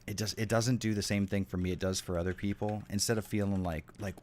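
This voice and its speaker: A deep-voiced man chats casually with his stream viewers while he plays a game. He rambles and swears freely as he answers messages from chat. Keys clatter on a keyboard behind him. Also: little pitch movement, quick pace, a little mellow, a little hiss or hum. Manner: chatty, swears a lot, reacts to chat.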